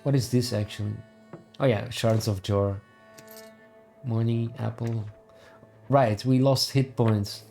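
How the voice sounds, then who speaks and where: A man's voice: medium pitch, steady tone, slow pace, vocal fry, pauses often, warm tone, soft background music. A man playing through a video game, reading its text aloud with offhand asides. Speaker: let's play gamer.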